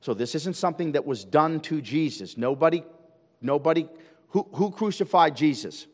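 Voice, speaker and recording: A male pastor preaching a sermon at a church service. He asks his listeners question after question and swings from loud, emphatic calls down to hushed, intense lines. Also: a little high, expressive, moderate pace, in a large hall. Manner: asks the congregation rhetorical questions.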